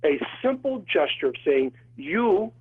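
A man's voice: a little high, normal speed, husky. A man who is a priest, talking earnestly and with feeling in an interview, often restarting his sentences. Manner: earnest and emotional, with frequent restarts. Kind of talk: telling a personal story in an interview. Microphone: phone call. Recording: tinny phone line.

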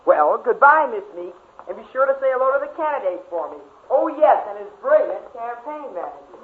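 A smug young man who taunts and sneers in a 1940s radio comedy. His voice is high and lively, and the broadcast sounds tinny with a faint hiss. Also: brisk. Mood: mocking. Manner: sneering, mocking.

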